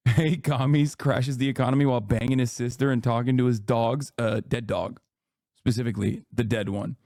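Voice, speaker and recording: A man's voice: mid-range voice, fairly even intonation, fairly quick, a little mellow, no room sound, clean studio sound. A man in his thirties giving sarcastic, joking live-stream commentary as he reacts to a clip. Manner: sarcastic, joking, laughs often.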